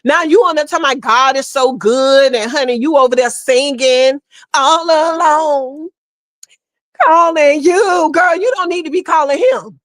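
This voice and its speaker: Woman, high voice, dry close sound, animated gossip host. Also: normal speed, no echo. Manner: sassy, animated, laughing, calls listener "girl" and "honey". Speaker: commentary host. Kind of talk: casual gossip commentary.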